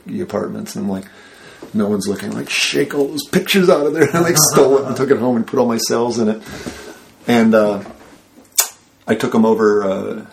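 A man in a casual interview, telling a rambling, animated story and acting out the people he quotes. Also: on the low side, gravelly, a little hiss or hum. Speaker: guest.

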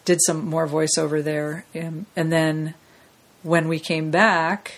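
Lively storytelling woman, lowish voice. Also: slow pace. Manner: lively anecdotal, acts out quoted people in shifting voices. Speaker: voice actress guest. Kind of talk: casual storytelling interview.

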